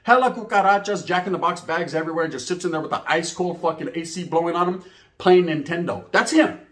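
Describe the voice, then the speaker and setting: A man's voice: on the high side, quick pace. A man from California, telling a comedic street story with heavy slang and acting out every character. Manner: animated, acts out voices, heavy Chicano slang. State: out of breath.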